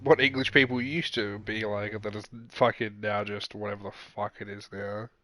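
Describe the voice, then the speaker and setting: A man's voice: on the low side, little pitch movement, moderate pace, fairly bright tone, no echo, soft background music. A man streaming a game live, chatting casually and rambling, with heavy swearing. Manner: crude, rambling, swears a lot.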